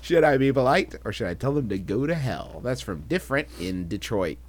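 A man's voice: medium pitch, big pitch swings, fairly quick. A man co-hosting a comedy podcast, reading listener questions in casual banter, mock-solemn and laughing often.

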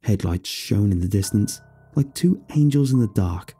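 A man narrating a first-person horror story in a steady storytelling manner. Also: on the low side, normal speed, slightly rough, faint music behind.

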